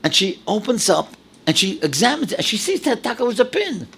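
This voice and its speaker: A man in his seventies from New York, a rabbi telling stories in a dramatic, animated lecture. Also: high-pitched, fairly quick, gravelly, slightly rough. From New York, USA. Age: 70s. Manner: animated, dramatic storyteller with sudden drops and exclamations. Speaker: rabbi, speaker. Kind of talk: storytelling lecture to an audience.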